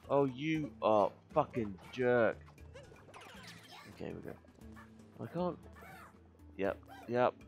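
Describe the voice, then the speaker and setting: A man commentating his gameplay, muttering to himself between loud, swearing outbursts, a little tired. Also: mid-range voice, expressive, slow, vocal fry, long pauses, muffled recording. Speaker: gaming video host. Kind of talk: let's play commentary. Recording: faint game music behind.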